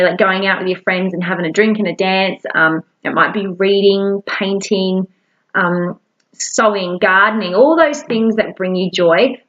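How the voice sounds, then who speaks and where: A woman's voice: mid-range voice, lo-fi sound. A woman giving casual, encouraging self-help advice to camera in a chatty way. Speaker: wellness coach.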